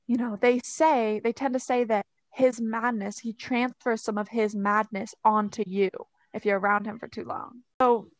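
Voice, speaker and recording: A young woman tells a long story in a loose, chatty way, filling it with "like" and "you know." Her voice sits a little high. The recording is close and dry. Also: no echo. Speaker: podcast co-host. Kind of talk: casual storytelling chat.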